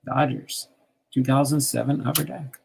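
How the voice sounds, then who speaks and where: Gravelly husky older man, chatty host. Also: medium pitch, steady tone, normal speed, a little mellow. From New Jersey. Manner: chatty, laughs often, reads out card names. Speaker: host sorting baseball cards on a stream. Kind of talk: casual chat.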